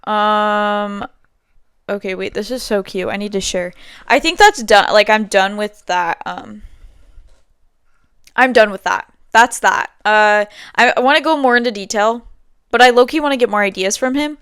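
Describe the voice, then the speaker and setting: A woman's voice: medium pitch, moderate pace, a bit bright, clean tone, dry recording, clean studio sound. Rambling young woman podcast host. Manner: rambling, heavy use of "like", swears casually. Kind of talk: casual solo podcast chat.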